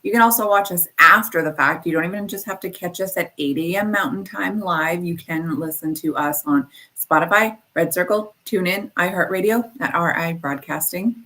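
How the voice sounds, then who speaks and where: A woman's voice: on the low side, moderate pace, few pauses, pushed and bright. A woman co-hosting an online morning show, chatting casually and reading out where to find the show. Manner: chatty, reads out show plugs. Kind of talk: casual chat.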